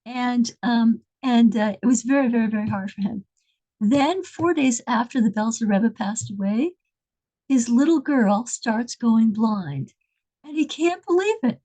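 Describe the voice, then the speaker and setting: High-voiced woman, earnest religious storyteller, halting delivery. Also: animated, dark tone, poor audio. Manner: earnest, halting with many restarts.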